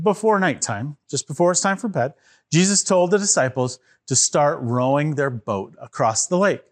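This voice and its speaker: A man telling a Bible story to children, animated and getting them to act parts out and answer questions. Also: on the high side. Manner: animated, asks kids to join in with actions.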